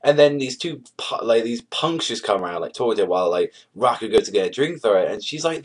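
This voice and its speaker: A man's voice: mid-range voice, expressive, fast talker, hardly any pauses. A young man casually reviewing an anime episode, rambling with lots of fillers and the odd swear word.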